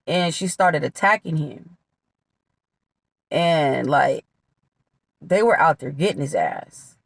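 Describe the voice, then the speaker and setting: A woman's voice: low-pitched, animated, slow pace, vocal fry, dry recording. A woman vlogger telling her own life story in a casual, candid way. She often quotes her relatives. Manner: candid, conversational, drops into quoted voices of relatives.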